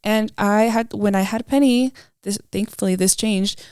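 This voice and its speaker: Chatty mom co-hosting, dry sound. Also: female voice, mid-range voice, fairly even intonation, moderate pace, a little mellow, clean tone, no echo. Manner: chatty, drops into Spanish phrases mid-sentence. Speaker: podcast co-host; mother of a toddler. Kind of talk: casual chat.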